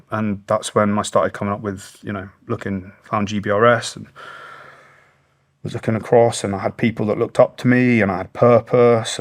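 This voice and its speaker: Blunt British man, low flat voice. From Britain. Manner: blunt, heavy swearing, intense. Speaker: guest, former special forces soldier. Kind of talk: candid interview storytelling.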